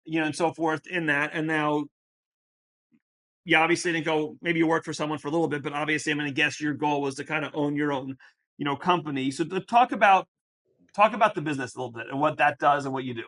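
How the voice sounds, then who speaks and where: A male podcast host whose voice sits a little high. He asks long, winding questions, padding them with "you know" and restarts. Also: fairly even intonation, quick pace, a bit bright. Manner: rambling, filler-heavy questions. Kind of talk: conversational interview.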